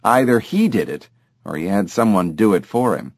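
A man narrating an audiobook in an expressive, animated reading style. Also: lowish voice, moderate pace, breathy edge, no room sound, studio quality. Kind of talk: scripted narration.

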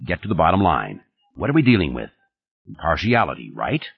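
A man reading the part of a gruff, commanding male company boss who talks curtly and coarsely, in an audiobook. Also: a bass voice, sing-song, brisk, no echo, full character voice. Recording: dull, dry studio recording.

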